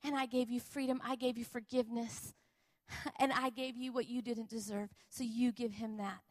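A firm, patient God speaks as a father, pressing the same point again and again, as a woman acts him out in a sermon. The voice sits lower and softer than her usual high-pitched delivery, steady and insistent. It comes across as a spoken retelling, not a studio production. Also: moderate pace, dry recording, lightly acted. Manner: insistent, repeats key phrases.

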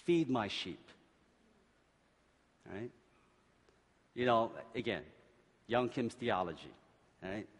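Animated joking pastor in a reverberant hall. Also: male voice, fairly low pitch, slow pace, pauses often. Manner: animated, joking, shifts between shouting exhortation and quiet reading. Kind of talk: sermon.

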